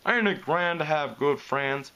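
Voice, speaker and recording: Man doing a big country stallion, slow drawl, easygoing, bright voice. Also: a little high, clean tone.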